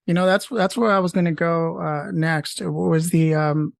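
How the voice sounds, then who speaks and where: A man's voice: a little high, steady tone, vocal fry, no room sound, studio quality. A man hosting an interview podcast, working out his questions aloud with hesitant fillers and easy laughs. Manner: halting, thinks aloud with fillers, laughs easily. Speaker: podcast host. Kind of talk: casual interview chat.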